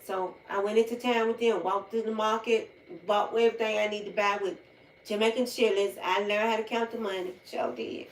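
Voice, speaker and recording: A woman's voice: medium pitch, steady tone, brisk, a little hiss or hum. Chatty woman, distant roomy mic. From United States. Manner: chatty, repeats points for emphasis. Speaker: livestream host. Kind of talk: casual chat. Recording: roomy sound, far from mic, faint ambience.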